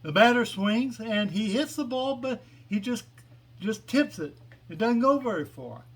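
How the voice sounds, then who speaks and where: A man's voice: very high voice, lively intonation, unhurried, fairly bright tone, breathy edge. A man telling a long joke as a casual story, meandering and hesitant with many fillers. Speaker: joke teller.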